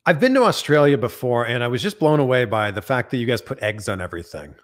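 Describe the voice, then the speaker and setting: A man from Canada hosting a relaxed interview over a video call, asking playful, teasing questions. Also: mid-range voice, fast. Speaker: host. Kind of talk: casual interview chat.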